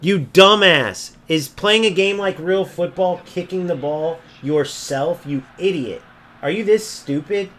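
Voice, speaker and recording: Man, higher-pitched voice, brash gameplay rant, insulting and profane. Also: unhurried, a little hiss or hum. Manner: brash, mocking, insults opponents and swears often. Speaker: video game streamer.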